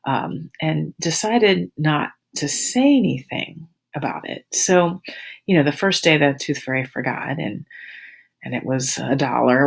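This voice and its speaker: A woman's voice: sits low, vocal fry, breathy edge. A woman in her forties, a teacher, telling her students a rambling, amused story in a casual, chatty way.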